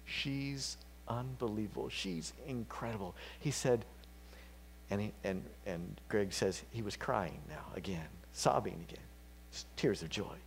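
A man delivers a sermon in a relaxed, conversational way, stumbling now and then over a word. His voice drops to a near whisper and then swells to loud, pitched-up peaks. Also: unhurried, gravelly, a little hiss or hum. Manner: swings from hushed whispers to loud fervent peaks; conversational, with fillers and slips. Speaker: preacher.

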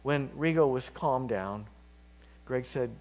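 A man preaching a sermon, casual and chatty, dropping to whispers and climbing to loud, fervent peaks. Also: medium pitch, takes it slowly. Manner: conversational, with fillers and slips.

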